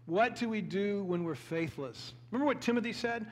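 Earnest high-voiced male preacher. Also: animated, fairly quick, a little hiss or hum. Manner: earnest, repeats words and restarts phrases; builds to a louder, emphatic preaching pitch. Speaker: pastor. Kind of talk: sermon with scripture reading.

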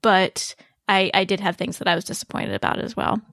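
A woman hosting a casual podcast chat, talking in a measured, candid way. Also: mid-range voice, steady tone, fairly bright tone, dry recording, clean studio sound. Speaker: podcast host.

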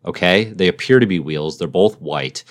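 A man telling a made-up superhero origin story in a rambling, deadpan, playful way during a casual chat. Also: sits low, moderate pace.

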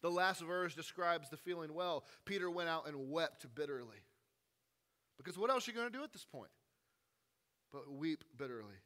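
A male pastor preaching an Easter sermon, retelling scripture with storyteller drama and casual, conversational asides that sink to a hushed tone. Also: a little high, expressive, moderate pace, long pauses.

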